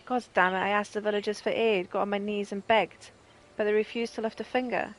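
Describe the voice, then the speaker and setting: A woman's voice: medium pitch, steady tone, a little fast, slight background noise, close to an everyday voice, poor audio. A Northern English woman voicing a proud, angry male resistance captain, reading his lines with bitter force.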